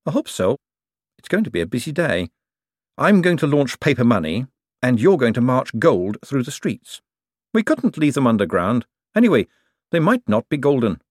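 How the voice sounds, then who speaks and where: A man reading an audiobook, voicing a brisk, outspoken young woman with a quick, wry delivery. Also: rumbling low, sing-song, a little mellow, breathy edge, dry recording, clean studio sound, pitched above the performer's own voice, heavily acted.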